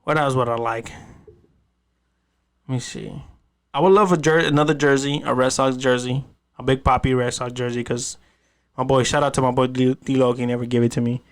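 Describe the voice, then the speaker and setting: A man's voice: mid-range voice, steady tone, brisk, pauses often. A man hosting a podcast, telling stories in a loose, profane, rambling way with many restarts. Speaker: podcast host. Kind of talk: casual storytelling chat.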